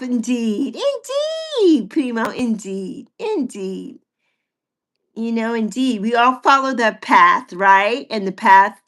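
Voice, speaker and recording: Her pitch fairly high and her tone fairly bright, a woman in her sixties runs a casual livestream chat. She's talkative and repetitive, laughing often while reading out viewer comments.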